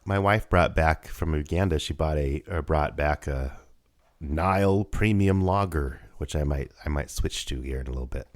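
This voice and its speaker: Rumbling low and unhurried at a moderate pace, this fifty-something podcast co-host rambles through a casual chat from his home studio. He laughs a lot and keeps restarting his thoughts. The recording has no room sound.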